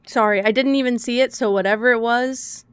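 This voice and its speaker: A woman's voice: a little high, moderate pace, clean tone, no echo. A young woman streaming a video game, chatting casually with her viewers, laughing often and swearing freely.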